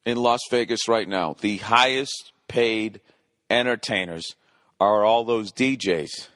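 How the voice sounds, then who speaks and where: Man, forties, low-pitched, solo comedy podcast, rambling profane rant, dry recording. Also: slow, a bit bright, dry recording. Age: 40s. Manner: profane, rambling, talks back to himself. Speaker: podcast host.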